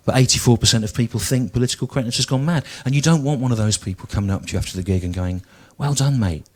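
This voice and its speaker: A man in his forties, from the English Midlands, does stand-up comedy. He talks in a dry, deliberate way and often repeats himself. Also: mid-range voice, a little mellow. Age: 40s.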